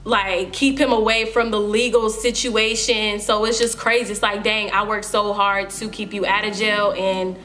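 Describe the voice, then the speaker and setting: A woman's voice: mid-range voice, little pitch movement, normal speed, hardly any pauses, bright, forceful tone, slight background noise. A young woman telling a personal story to her viewers in a casual, emphatic storytime vlog. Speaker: vlogger.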